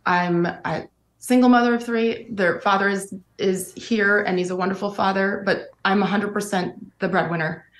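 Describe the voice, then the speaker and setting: A woman's voice: mid-range voice, fairly even intonation, normal speed. Candid woman guest in a roomy clip. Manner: candid, earnest, with fillers like "like" and "um". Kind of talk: interview clip.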